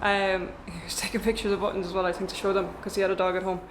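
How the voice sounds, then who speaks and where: A woman's voice: medium pitch, flat delivery, rapid-fire, noisy background. A young woman, a travel vlogger chatting casually to camera in a rented apartment, rambling and wry.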